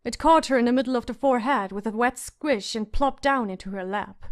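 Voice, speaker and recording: A woman narrating a fantasy audiobook in a measured storytelling manner. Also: a little high.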